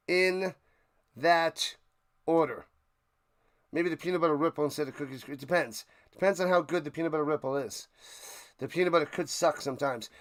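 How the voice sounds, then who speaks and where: A man's voice: a little high, smooth. New York-accented male streamer, loose play-by-play, clean resonant tone. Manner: rambling, playful, jumps between game calls and snack talk. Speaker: watch party streamer. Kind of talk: casual live play-by-play chat.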